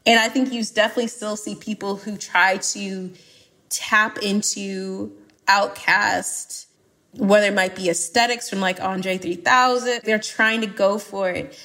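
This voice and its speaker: Emphatic, animated American woman. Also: medium pitch, unhurried. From Atlanta, USA. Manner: emphatic and animated, with playful exaggeration. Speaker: podcast guest. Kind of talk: casual conversation.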